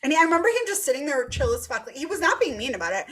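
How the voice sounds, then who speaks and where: A woman in her thirties with a fairly high voice tells a candid story in casual podcast chat. She is animated and swears freely, acting out the dialogue as she goes. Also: very fast. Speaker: podcast co-host.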